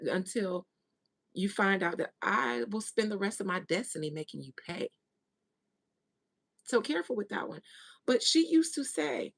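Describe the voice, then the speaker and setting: Blunt, gossipy woman reader. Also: mid-range voice. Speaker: tarot reader. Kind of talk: casual monologue, spiritual reading.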